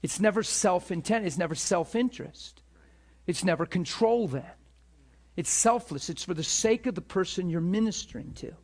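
A man preaching to a ministry school, telling a story with emphatic, animated delivery and acted-out dialogue. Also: normal speed. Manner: animated, emphatic, acts out dialogue with rising pitch. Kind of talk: sermon storytelling.

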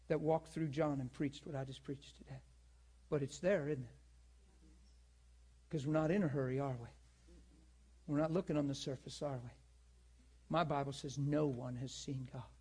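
A man preaching a sermon, emphatic, swinging between raised and hushed delivery. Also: on the high side, fairly even intonation, moderate pace, pauses often, breathy edge.

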